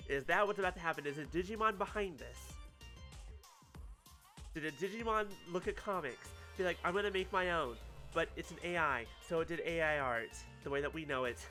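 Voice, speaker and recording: Brief: sarcastic male streamer, high voice, loose casual commentary. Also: lively intonation, fairly quick, pushed and bright, faint music behind. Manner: wry, sarcastic, swears freely. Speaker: game streamer. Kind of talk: casual let's-play commentary.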